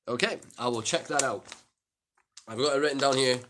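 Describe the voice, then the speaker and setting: A man's voice: medium pitch, moderate pace, a bit bright, slight background noise. A Scottish man chatting casually on a livestream, reading viewer comments aloud and answering them. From Scotland.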